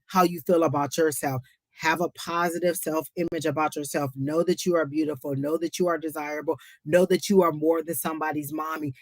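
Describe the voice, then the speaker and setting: A woman's voice: sits low, no echo. Woman doing a live psychic reading, all emotional and teary, super encouraging, dry close sound. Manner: emotional, tearful, warmly encouraging, calls the viewer honey; talks to the chat as y'all. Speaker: psychic reader on a live stream.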